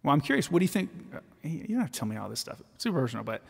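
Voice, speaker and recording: A man's voice: fairly high pitch, big pitch swings, very fast, gravelly, slightly rough, long reverb tail. A man, a vocal jazz arranger, chatting casually and self-deprecatingly with viewers while recording his own vocal parts.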